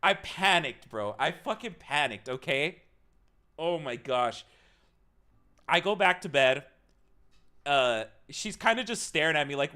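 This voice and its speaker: A young male streamer tells a story to his live chat. His voice is bright and pitched a little high, and it swings widely as he laughs and swears his way through. The delivery is casual and animated. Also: measured pace, long pauses.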